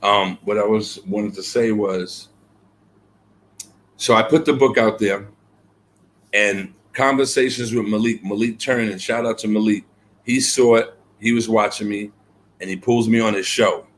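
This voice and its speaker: In an interview, a guest poet with a very low voice tells his story earnestly and reflectively, his intonation fairly even. He leans on many fillers and repeats words and phrases, and a faint hiss of noise sits beneath his voice.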